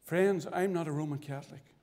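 A man from Northern Ireland giving his testimony as a sermon, with fervent preaching that swings sharply between loud and hushed. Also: fairly high pitch, brisk. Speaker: testimony speaker at a church. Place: church hall. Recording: church recording with long reverb.

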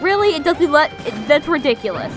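A woman commenting on her video game as she plays, with excitable, squealing reactions. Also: high voice, brisk, music in the background. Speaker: gamer playing a video game. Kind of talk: let's play commentary.

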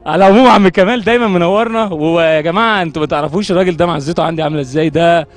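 Rapid high-voiced Egyptian man hosting. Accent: Egyptian Arabic. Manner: rapid, playful, jokes with his assistant. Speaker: TV host. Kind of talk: field interview. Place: outdoors at an endurance horse race.

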